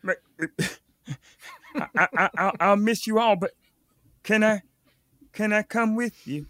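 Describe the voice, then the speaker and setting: A flustered, eager man improvising a scene with a high voice. He stammers and restarts often. His tone is bright, and the sound is dry and close. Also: takes it slowly, no echo. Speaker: improv performer, restaurant worker.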